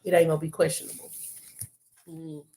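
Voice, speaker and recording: A woman's voice: low voice, little pitch movement, a little fast, dark tone. A woman reading tarot on a live stream, coaching the viewer in an emphatic, streetwise, profane way and repeating phrases for emphasis. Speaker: tarot reader.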